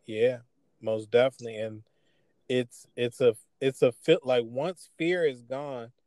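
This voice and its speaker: A man's voice: mid-range voice, measured pace, darkish tone, no room sound. A man hosting a faith talk show, speaking earnestly in a sermon-like way. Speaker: host. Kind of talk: preaching-style talk.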